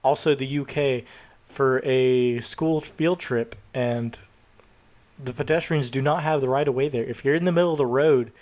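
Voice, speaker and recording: A man's voice: mid-range voice, moderate pace, darkish tone. A young man co-hosting a podcast in casual, profane banter. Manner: swears freely, riffs on jokes. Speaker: podcast co-host. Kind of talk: casual chat.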